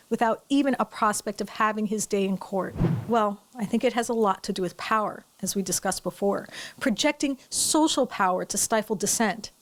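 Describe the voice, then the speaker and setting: Woman hosting a news show, calm scripted commentary, asks lots of rhetorical questions. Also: mid-range voice. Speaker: host.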